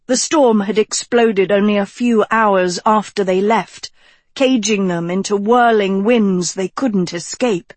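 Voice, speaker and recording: Slow, measured woman narrator. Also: medium pitch, darkish tone, dry recording. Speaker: audiobook narrator. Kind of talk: scripted storybook narration.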